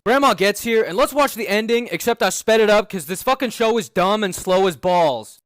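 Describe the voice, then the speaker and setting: A man ranting sarcastically over cartoon clips, swearing a lot and getting loud. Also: high voice, moderate pace, hardly any pauses, no room sound. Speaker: comedy commentator. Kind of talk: profane ranting commentary.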